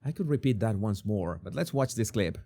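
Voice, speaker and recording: Speaking briskly in a fairly low voice, a Spanish-accented man, a native speaker of Spanish, runs a commentary channel. He's casual and animated, often stumbling over and repeating words.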